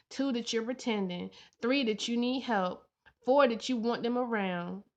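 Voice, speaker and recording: A young woman vlogging in an earnest, heartfelt way, repeating her lines for emphasis. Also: fairly high pitch. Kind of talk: personal vlog talk. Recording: dull lo-fi sound.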